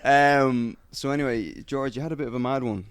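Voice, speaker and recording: A man's voice: mid-range voice, a little fast, clear, resonant tone, dry recording. A young man hosting a podcast, joking crudely and hedging with fillers in casual chat. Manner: crude jokey banter, hesitant fillers. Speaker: podcast host.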